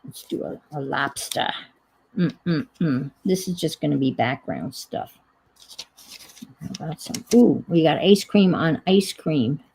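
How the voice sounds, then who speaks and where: A woman chats casually while she crafts, rambling and thinking aloud with self-deprecating asides. Her voice is low, gravelly and breathy. She talks slowly and unhurriedly. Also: lively intonation, darkish tone, poor audio. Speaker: crafting livestream host.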